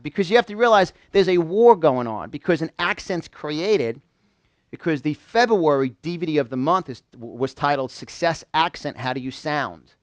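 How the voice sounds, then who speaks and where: A man's voice: on the high side, dry recording, muffled recording. A man from New York giving a live motivational seminar, quizzing a small audience in call-and-response. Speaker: motivational speaker.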